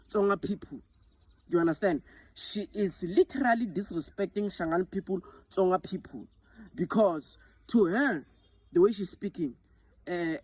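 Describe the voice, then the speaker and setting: A man's voice: high-pitched, darkish tone, no echo, rough recording. A South African man whose first language is Xitsonga, giving an impassioned, repetitive monologue to camera that keeps asking if the listener understands. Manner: impassioned, repeating himself and asking "do you understand?". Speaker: social media commentator.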